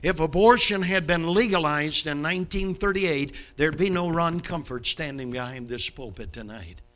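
A man in his seventies from Brooklyn preaching a sermon from the pulpit, dramatic, swinging from loud bursts to low hushed line endings. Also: moderate pace, soft background music. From Brooklyn, New York. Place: church sanctuary, behind a pulpit.

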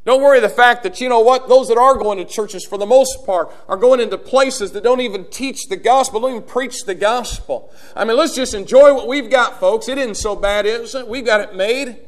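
A man preaching a sermon, dropping to a hush and then building to loud, urgent appeals to the congregation. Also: very high voice, moderate pace, few pauses. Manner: swings from hushed to shouting, preaching to a congregation.

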